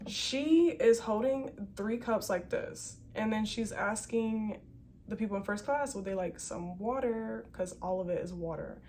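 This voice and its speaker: A woman flight attendant telling a story in a casual vlog, animated and chatty with plenty of slang. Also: on the high side, unhurried, a little hiss or hum.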